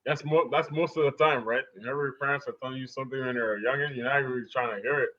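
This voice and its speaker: A man's voice: mid-range voice, fairly even intonation, very fast, sharp tone, highs cut off. A man co-hosting a podcast, dropping in short, laid-back remarks. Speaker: podcast co-host. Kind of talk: casual podcast chat.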